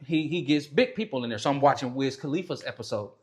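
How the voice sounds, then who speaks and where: A man guesting on a podcast, telling a story in casual chat, animated and swearing freely as he acts out what others said. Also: medium pitch, quick pace.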